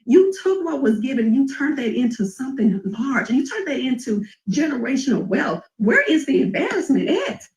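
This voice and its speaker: A woman's voice: high-pitched, big pitch swings, normal speed, hardly any pauses, a little mellow, reverberant, poor audio. A woman giving a friend an emphatic, preachy pep talk, repeating her points, in a reality TV clip. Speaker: reality TV cast member.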